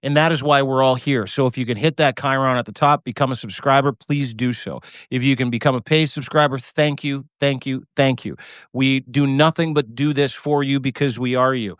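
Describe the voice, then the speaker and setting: A man's voice: mid-range voice, fairly even intonation, normal speed, no room sound, studio quality. A man co-hosting a live video show, talking with fervent, emphatic passion, swearing and repeating himself, choked up with emotion. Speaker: co-host. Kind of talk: passionate live-stream chat. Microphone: remote video call.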